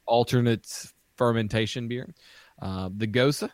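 A man's voice: medium pitch, unhurried, a little mellow, dry recording. A man co-hosting a casual podcast, walking through beer styles with frequent ums and restarts. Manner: hesitant, many ums and restarts. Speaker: podcast co-host.

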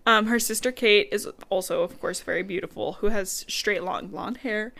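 A woman's voice: mid-range voice, normal speed, vocal fry, pushed and bright. Chatty woman recapping a book. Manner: chatty, blunt sarcastic asides. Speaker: podcast co-host. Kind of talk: casual book-recap chat.

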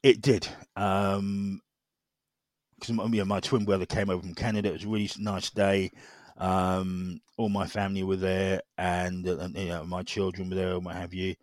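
Deep-voiced man, halting. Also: little pitch movement, no room sound, studio quality. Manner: halting, repeats words, many fillers. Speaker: guest. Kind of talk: personal story in conversation.

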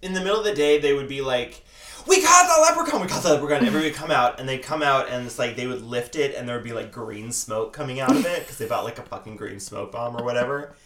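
A woman's voice: extremely low pitch, fast talker, few pauses, slight background noise. A young woman co-hosting a podcast, telling stories in a casual chat, acting out quotes and laughing often. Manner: animated storyteller, acts out quotes, laughs a lot. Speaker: podcast co-host. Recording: roomy echo.

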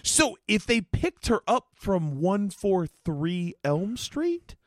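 Wildly swooping man, quick reactive asides. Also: high-pitched, sing-song, no echo, clean studio sound. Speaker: podcast co-host. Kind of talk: casual comedic recap chat.

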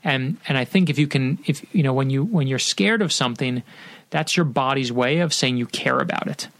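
A middle-aged man, an author guest, telling a story in an animated, earnest and motivational way. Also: mid-range voice, fairly quick, no room sound. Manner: animated, acts out quotes in the story. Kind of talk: conversational storytelling.

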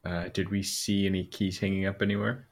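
Man, player, very low voice, husky, halting. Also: flat delivery. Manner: hesitant, halting. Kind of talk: tabletop game play.

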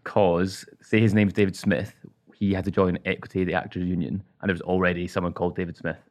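Dry, deadpan man with a low voice. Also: fast talker. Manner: dry, storytelling, deadpan jokes. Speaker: podcast co-host. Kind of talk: casual banter.

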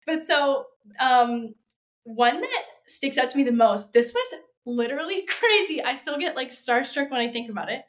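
A woman's voice: high voice, expressive, moderate pace. A young woman from Canada, a flutist chatting as a podcast guest, bubbly and laughing often with plenty of fillers. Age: young adult. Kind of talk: casual interview chat.

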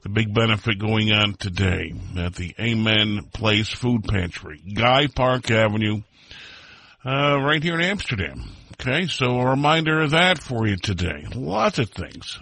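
A man's voice: on the low side, expressive, measured pace, creaky, bright, forceful tone, no room sound. Folksy man hosting a radio show. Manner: folksy, rambling, with friendly greetings. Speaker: radio polka show host. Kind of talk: casual radio chat with listener shout-outs.

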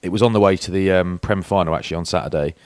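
A man's voice: sits low, racing, a little mellow, dry recording, studio quality. A man in his forties, co-hosting a podcast in casual chat, telling anecdotes and acting out quoted voices. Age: 40s. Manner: chatty storyteller, acts out quoted voices. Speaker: podcast co-host.

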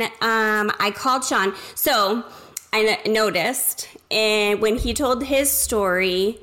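A woman telling her surrogacy story in conversation, quick and expressive, acting out the lines of the people in it. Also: on the high side. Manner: quick, expressive, acts out quoted dialogue.

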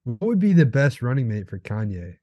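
A young man co-hosting a podcast, laid-back and sarcastic, delivering jokes deadpan. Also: medium pitch, a little fast, no room sound, dull audio. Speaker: podcast co-host. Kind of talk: crude casual banter.

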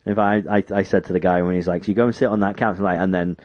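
Bloke rambling through a story, lowish voice, dry dull sound. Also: male voice, quick pace, no echo. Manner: animated retelling, acts out others in quotes. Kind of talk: casual storytelling chat.

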